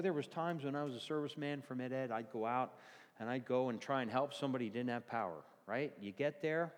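A male pastor delivers a folksy sermon with a lively, swinging pitch. His voice carries a long reverb, as if filling a church hall. He tells everyday stories in an animated way.

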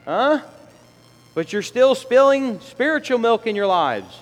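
A man's voice: extremely high pitch, big pitch swings, measured pace. A middle-aged man preaching a conversational sermon who acts out the voices of sinners and children. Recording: long hall reverb, faint ambience.

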